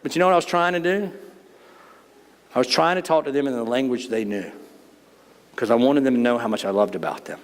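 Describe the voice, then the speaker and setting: With a mid-range voice, a brisk pace, and frequent pauses, this middle-aged pastor addresses his congregation directly in a folksy, joking sermon. Long sanctuary reverb fills the recording.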